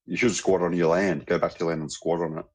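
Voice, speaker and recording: Man doing a deep husky heckler bloke, crude and mocking, lo-fi. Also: flat delivery, fast talker. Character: gruff low-voiced heckling bloke who calls him mate.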